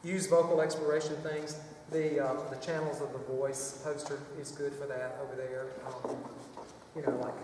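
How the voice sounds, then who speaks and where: A man runs a children's choir workshop, chatting and rambling while playfully demonstrating with his voice. His voice sits on the high side with a level tone and moderate pace, captured from far off in an echoey hall with background noise.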